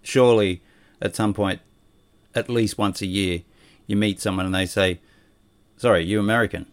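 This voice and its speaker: A man hosting a podcast, talking in a gentle, reassuring way. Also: fairly low pitch, fairly even intonation, normal speed. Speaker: podcast host. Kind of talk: casual chat.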